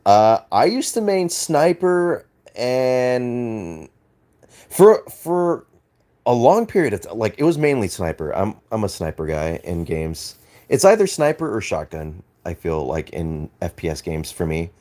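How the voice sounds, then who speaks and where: On his live stream, the Australian man answers viewers' chat casually, stumbling through restarts and fillers and laughing and cursing easily. His voice is on the low side and mellow, very animated, and a little slow.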